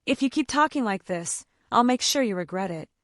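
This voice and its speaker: A smarmy, manipulative man who turns menacing, read by a woman narrator. His lines ride slightly high with animated ups and downs, and the sound is dry and close. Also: a little fast, no room sound, natural voice. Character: smarmy manipulative male ex-husband.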